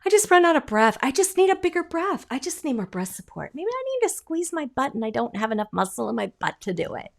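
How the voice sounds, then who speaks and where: A woman's voice: quick pace, creaky, few pauses. A woman vocal coach teaching an online singing lesson, demonstrating sounds and acting out little voices. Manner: animated, demonstrates sounds and sung notes; acts out imagined voices with leaps in pitch.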